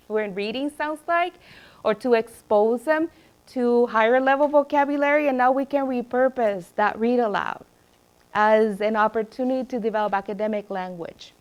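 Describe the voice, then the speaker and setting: A woman who was a school principal, giving a lively talk to teachers and acting out the voices in her classroom stories. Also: on the high side. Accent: Spanish. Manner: animated storyteller, acts out quotes. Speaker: former principal, literacy presenter. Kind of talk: professional development talk.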